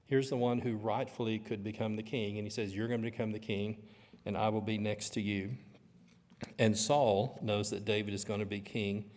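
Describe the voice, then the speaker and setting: A man's voice: on the low side, a little mellow, big-room sound. A man teaching a Bible lesson in church, with a conversational, storytelling manner. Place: church auditorium.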